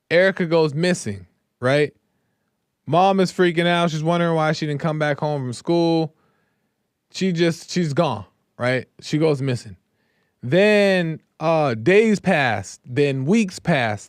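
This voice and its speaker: Guy hosting a show, chatty crime-story retelling, kinda high smooth voice, keeps saying "right?". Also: lively intonation, slow, no echo, studio quality. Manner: conversational, keeps checking in with "right?". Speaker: host. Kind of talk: casual true-crime storytelling.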